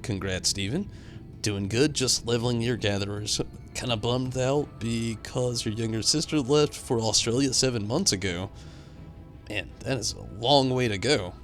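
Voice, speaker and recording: A young man streaming a game, rambling through animated stories and chatting with viewers at a desk mic. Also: medium pitch. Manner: rambling, animated storytelling with swings into loud outbursts; reads out and answers viewer chat. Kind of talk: casual live-stream commentary.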